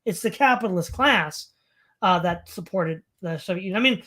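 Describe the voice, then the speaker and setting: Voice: mid-range voice, expressive, moderate pace, a bit bright. A stream host reading a text aloud on a home mic, breaking off for sarcastic asides and commentary. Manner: sarcastic asides between read passages.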